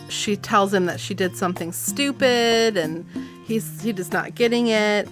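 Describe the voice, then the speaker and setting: A woman hosting a podcast in casual chat, laughing often and reading passages aloud in animated voices. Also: medium pitch, a little slow, over music. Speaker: podcast host.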